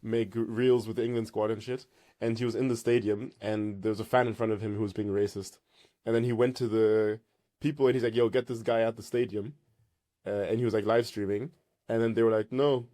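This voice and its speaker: A man's voice: lowish voice, level tone, a little fast, dark tone, dry recording, studio quality. A man co-hosting a podcast, chatting casually and rambling with lots of fillers and swearing. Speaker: podcast co-host. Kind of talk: casual chat.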